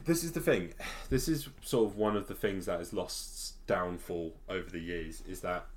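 A low-voiced man co-hosts a relaxed podcast. He leads the conversation with questions. His manner stays easygoing and conversational. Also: moderate pace. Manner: leading the talk with questions, easygoing. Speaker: podcast co-host. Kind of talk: casual chat.

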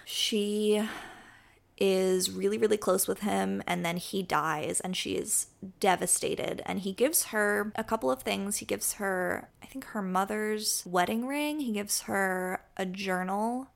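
A woman's voice: mid-range voice, a little slow, creaky. A woman co-hosting a podcast, chatting casually about romance books in a chatty, self-deprecating way. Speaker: podcast co-host. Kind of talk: casual book chat.

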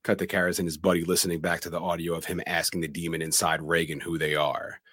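A man co-hosting a casual podcast, retelling film scenes in a plain, steady way. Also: low-pitched, fast, no room sound, clean studio sound. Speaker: podcast co-host.

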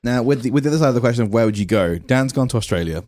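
Animated podcast host, lively voice. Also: male voice, mid-range voice, rapid-fire, no echo, studio quality. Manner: animated, playful, asks questions. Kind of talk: casual comedy chat.

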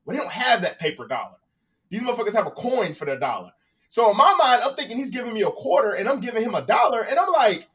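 Guy telling a story with friends, voice jumps all over, bright, sits a bit back from the mic. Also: very high voice, fast, far from the mic. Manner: animated, acts out the people he quotes. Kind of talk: casual storytelling.

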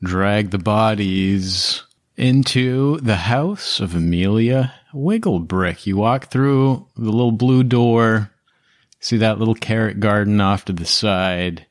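A man's voice: lowish voice, slow pace, dry recording, clean studio sound. A man narrating a tabletop game as game master in a casual, rambling way with laughing asides.

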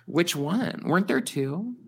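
A man's voice: fairly high pitch, expressive, measured pace, creaky, fairly bright tone, slight background noise. A young man co-hosting a podcast, telling rambling, self-deprecating stories and laughing often. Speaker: podcast co-host. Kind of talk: casual podcast chat.

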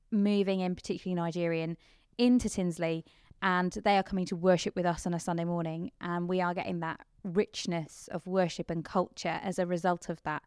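A woman's voice: lowish voice, darkish tone, clean tone, no echo, studio quality. A woman vicar with a mixed English accent, with traces of Kent and Yorkshire, chatting as a podcast guest and laughing often. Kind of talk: casual interview chat.

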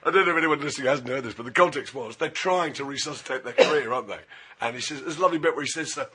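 A man's voice: medium pitch, racing, pushed and bright, a little hiss or hum. A man as a guest in a casual chat, rambling and laughing as he talks. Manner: chatty, laughs often, rambles with restarts.

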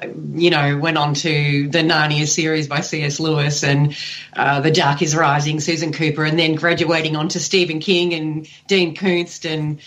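A woman's voice: sits low, level tone, moderate pace, fairly bright tone. An Australian woman presenting a community radio show in a friendly, chatty way. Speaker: community radio host and guest.

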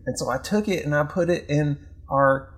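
A man's voice: fairly high pitch, normal speed. A man playing a tabletop game, stammering and rambling, with exaggerated wails. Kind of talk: in-character play, casual.

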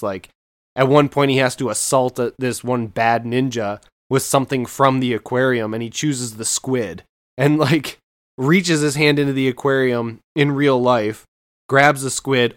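A man in his thirties chats on a podcast, eagerly walking through a movie he loves, full of "like"s and restarts. His voice sits at a middle pitch and sounds smooth and clear. It is recorded dry and close to the mic. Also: a bit bright, dry recording. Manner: enthusiastic, rambling movie retelling with many fillers. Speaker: podcast co-host. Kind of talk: casual podcast chat.

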